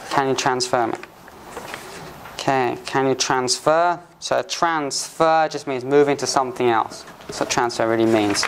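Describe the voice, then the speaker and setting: A man teaching English phrases to learners, patiently repeating examples slowly and restarting often. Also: on the high side. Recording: faint background noise.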